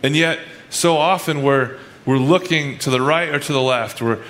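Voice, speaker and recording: A male pastor preaches a casual, conversational sermon, frequently restarting his sentences and acting out people's inner thoughts in quoted asides. His voice is medium-pitched and a bit bright, at normal speed with few pauses, over a little hiss or hum.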